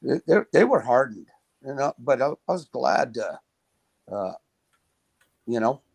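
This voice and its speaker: A man co-hosting a podcast in casual chat, with a creaky, gravelly voice. He rambles through stories with heavy swearing and stammering restarts. His pitch sits in the middle range. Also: big pitch swings, a little slow, a little mellow. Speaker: podcast co-host.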